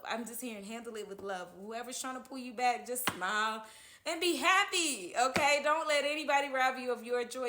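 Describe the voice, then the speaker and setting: A woman's voice: on the high side, roomy sound, noisy background. A woman giving a casual tarot horoscope reading, chatty, who keeps checking in with "okay?" at the end of her lines. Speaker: tarot reader.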